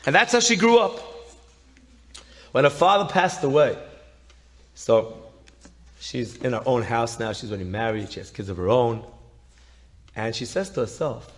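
A man telling a story, animated, swinging between loud emphasis and soft hushed lines. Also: a little high, a little slow, pauses often. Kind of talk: spoken storytelling.

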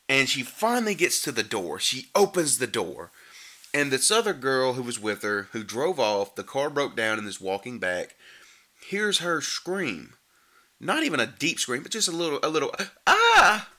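Male comic reviewer, sarcastic and animated, bright forward tone. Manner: sarcastic, animated, mocks the acting with squeaky imitations. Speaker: movie reviewer. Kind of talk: comedic movie recap.

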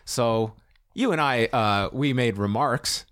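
A man's voice: medium pitch, takes it slowly, fairly bright tone. A man co-hosts a podcast in loose, casual chat, his humor dry and sarcastic. His voice sits in an ordinary middle range. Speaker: podcast co-host.

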